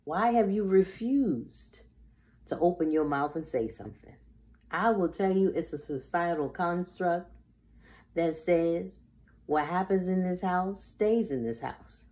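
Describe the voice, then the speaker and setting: Expressive low-voiced woman preaching. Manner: preaching, rhetorical questions, dramatic pauses. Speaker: host. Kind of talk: inspirational faith talk.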